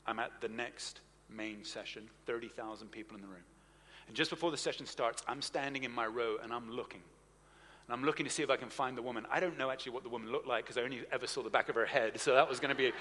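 A man preaching a sermon, telling a personal story in an animated, anecdotal way with asides to the audience. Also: medium pitch. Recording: reverberant hall sound.

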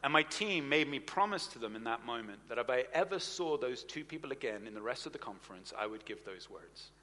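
A man preaching a sermon, telling a personal story in an animated, anecdotal way with asides to the audience. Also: mid-range voice, a little fast. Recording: reverberant hall sound.

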